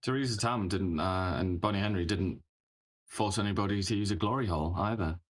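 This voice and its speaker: A man's voice: low voice, brisk. A man co-hosting a political talk show, speaking scornfully and sarcastically in casual chat. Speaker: co-host.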